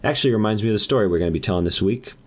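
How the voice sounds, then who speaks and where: A man's voice: lowish voice, racing. A man hosting a podcast and improvising a comic story in a rambling, playful way.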